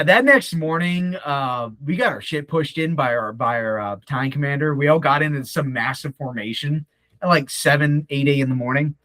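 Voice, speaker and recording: A young man telling a profane, animated story in casual talk, often acting out the voices of others. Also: mid-range voice, no echo. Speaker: podcast guest.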